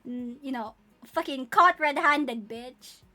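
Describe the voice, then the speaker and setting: A young woman streamer chatting casually and profanely, breaking into excited squeals. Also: sits high, takes it slowly, faint music behind. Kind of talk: casual live-stream chat about her characters.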